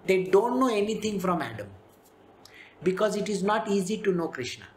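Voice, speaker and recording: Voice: mid-range voice, big pitch swings, normal speed, slight background noise. A spiritual teacher with an Indian English accent giving a conversational devotional talk on scripture, slipping into playful voices for quotes. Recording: roomy echo.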